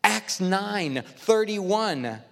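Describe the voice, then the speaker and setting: Pastor, male, high voice, emphatic storytelling sermon with a long hall echo. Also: expressive, extremely slow, creaky, fairly bright tone. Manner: emphatic storytelling, quoting himself.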